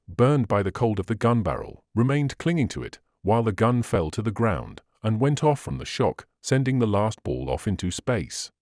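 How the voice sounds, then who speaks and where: A man narrating a classic adventure novel as an audiobook reader, in an expressive, measured way. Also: lowish voice, no echo, clean studio sound. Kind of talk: scripted narration.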